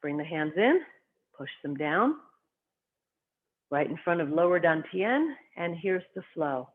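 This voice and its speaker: A qigong teacher leads a class in an even, mid-range voice, giving calm, short spoken cues that follow the rhythm of the breath. The sound is thin and narrow, like a voice heard over a phone line. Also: medium pitch, a little slow. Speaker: qigong instructor. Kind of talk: guided qigong class instruction.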